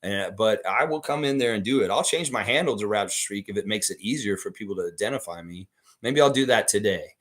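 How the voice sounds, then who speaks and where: A man's voice: mid-range voice, a bit bright. A man hosting a live stream, chatting casually and reading viewer comments aloud with rambling, opinionated takes.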